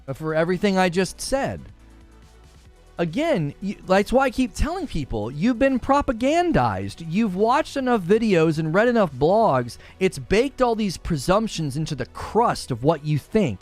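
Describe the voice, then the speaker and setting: A man's voice: high-pitched, very animated, moderate pace, soft background music. A man hosting a talk show, giving argumentative and sarcastic commentary and laughing at his own points. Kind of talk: opinionated commentary.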